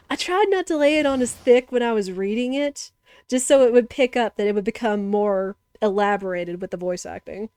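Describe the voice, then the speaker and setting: A woman's voice: mid-range voice, moderate pace, darkish tone, soft background music. A young woman streamer chatting casually and giggling while playing a game. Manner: giggly, chatty, self-deprecating.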